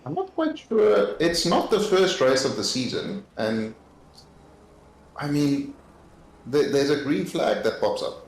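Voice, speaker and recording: A man with an Australian accent co-commentating a sim race, relaxed and analytical. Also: on the high side, takes it slowly, gravelly, reverberant, low-quality recording.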